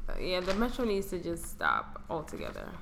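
A woman's voice: fairly low pitch, huge pitch swings, fairly quick, creaky, over loud music. Blunt, teasing podcast co-host woman. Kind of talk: casual chat.

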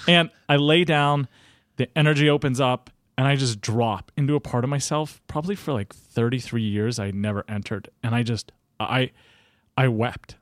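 A man in his thirties, a podcast guest telling his story in conversation, acting out quoted dialogue with big jumps in pitch. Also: steady tone, brisk, a bit bright, dry recording, clean studio sound.

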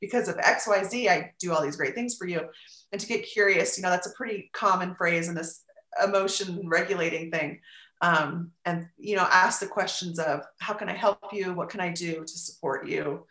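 A woman's voice: lowish voice, normal speed, a bit bright. A woman in her forties, a guest sharing parenting advice in a casual, earnest, talkative way. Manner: earnest, talkative, many "you know" fillers. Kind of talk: casual conversation. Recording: echoey room.

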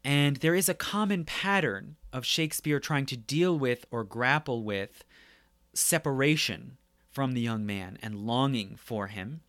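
A man with a mid-range voice delivers a literature lecture in a relaxed, conversational way, often pausing to check that his listeners are following. The sound is close and dry, with almost no room around it. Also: mid-range voice, no echo. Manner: conversational, tags points with "right?". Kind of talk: academic lecture.

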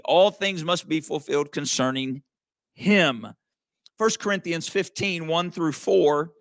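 A man's voice: fairly high pitch, measured pace, fairly bright tone, no room sound. Emphatic male preacher, dry sound. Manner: emphatic, calls to the congregation with asides like "okay?" and "amen". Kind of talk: sermon.

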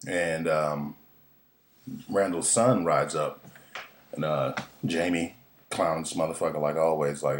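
Male recap host, extremely low voice, profane, excitable, lots of ums and restarts. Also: slow, long pauses. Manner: profane, excitable, rambling with many fillers. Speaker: podcast host recapping a TV episode. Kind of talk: casual TV episode recap.

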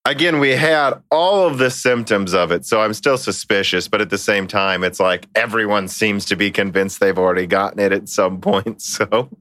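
A man's voice: on the low side, normal speed, few pauses. A man hosting a podcast, chatting casually and telling jokes. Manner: joking, animated storyteller. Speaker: podcast host. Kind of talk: casual chat.

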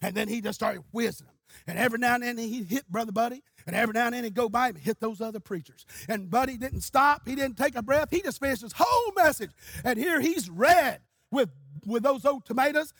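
A male pastor preaching a sermon, telling stories and building up to shouted exhortation. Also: very high voice, expressive, fairly quick, vocal fry, breathy edge, no echo. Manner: storytelling, rising to shouting.

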